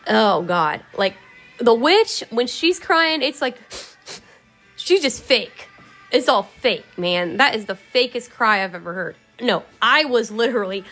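A woman's voice: on the high side, animated, unhurried, a bit bright, faint music behind. A woman vlogger telling a story in a candid, rambling way, swearing and laughing now and then. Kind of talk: casual emotional storytelling.

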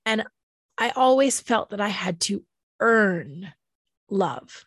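Woman talking slow and gentle about healing, kinda choked up, dry close sound. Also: medium pitch, animated, no room sound. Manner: gentle, slow and tender, pausing often. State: emotional, near tears. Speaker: speaker sharing personal healing. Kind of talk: reflective personal talk.

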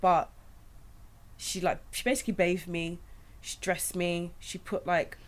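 A young woman chatting casually, telling her birth stories in a lively, storytelling manner. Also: fairly low pitch, measured pace. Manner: chatty storytelling, animated when retelling. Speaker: new mother. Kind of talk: casual chat.

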